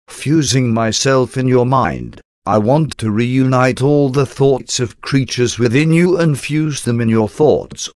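A man's voice: medium pitch, no echo, clean studio sound. A man reading a devotional meditation aloud as a solemn, intimate prayer addressed to Jesus. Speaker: devotional reader.

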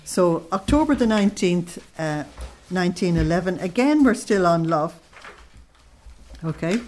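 A woman's voice: on the low side, lively intonation, unhurried, darkish tone. A middle-aged woman giving an informal religious talk to a group, reading quotes aloud with feeling and laughing often. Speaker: speaker on Christian mysticism.

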